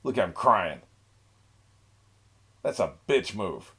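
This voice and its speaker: Husky low-voiced man reacting casually. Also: very animated, slow, pushed and bright. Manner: laid-back, rambling, laughs often, mocking asides. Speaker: anime reaction host.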